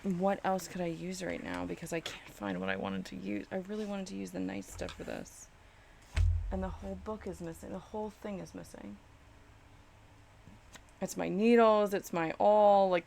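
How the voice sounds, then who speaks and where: A woman's voice: on the low side, creaky, a little mellow, a little hiss or hum. A woman chatting casually on a live stream while crafting in her home studio, exasperated and self-mocking, swearing freely.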